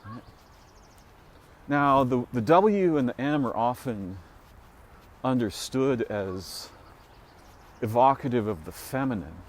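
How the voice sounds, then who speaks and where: A man thinking out loud at a slow, unhurried pace, circling back on himself with fillers and half-started phrases. His voice sits at a middle pitch but leaps sharply upward when he presses a point. A faint noise floor sits under the recording. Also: expressive. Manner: rambling and speculative, with frequent fillers and restarts. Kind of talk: solo spoken musing recording.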